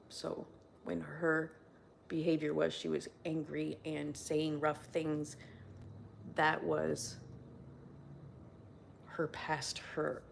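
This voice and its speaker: A woman talking through her feelings in a casual solo check-in, candid and rambling, swearing freely and sometimes dropping to a hushed voice. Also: low-pitched, vocal fry, slight background noise. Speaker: video diarist.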